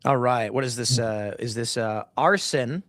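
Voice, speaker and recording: A man's voice: mid-range voice, a little slow, fairly bright tone, dry recording, studio quality. Chatty man hosting a livestream. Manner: rambling, slips into mock voices for jokes. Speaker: livestream host. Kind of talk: casual livestream commentary reading chat.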